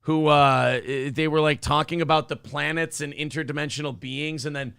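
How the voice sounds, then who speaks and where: Man co-host, gravelly and slightly high, dry close sound, crude banter. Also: steady tone, normal speed, a bit bright, no room sound. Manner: crude, joking, reads chat aloud. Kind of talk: casual livestream chat.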